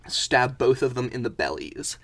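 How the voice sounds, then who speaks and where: A man's voice: mid-range voice, very animated, moderate pace, gravelly, fairly bright tone. A man narrating his character's actions in a tabletop game, with hesitant phrasing and many fillers and restarts. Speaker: player.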